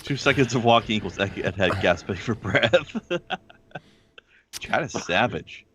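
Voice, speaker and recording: A man's voice: lowish voice, lively intonation, takes it slowly, a bit bright, slight background noise. A man making wry, laughing remarks during a casual podcast.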